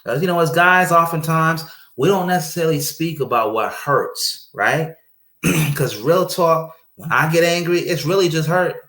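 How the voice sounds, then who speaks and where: A man talking casually about marriage and faith, telling stories and acting out quoted speech with lively energy. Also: fairly high pitch, normal speed. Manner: animated storyteller, acts out quoted speech. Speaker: guest speaker on marriage. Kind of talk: casual conversational preaching. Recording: roomy echo.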